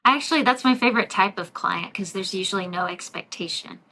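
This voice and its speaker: A woman energy healer talking in a relaxed podcast interview, reflective and loose, with many fillers and light laughs. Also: medium pitch, a little fast, rough recording. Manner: warm, reflective, frequent fillers and soft laughs. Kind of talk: casual interview talk.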